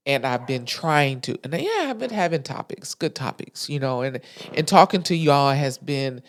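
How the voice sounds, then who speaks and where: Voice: mid-range voice, sing-song, normal speed, slight background noise. A podcast host sharing a heartfelt, unscripted monologue into a microphone. The talk is candid and emotional, colloquial, with frequent restarts and asides to listeners. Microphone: studio microphone.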